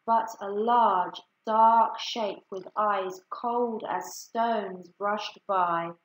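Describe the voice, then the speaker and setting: A woman reads a children's story aloud, slowly and expressively. Her mid-pitched voice sounds roomy and echoey. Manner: slow expressive reading. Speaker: story reader. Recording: echoey room.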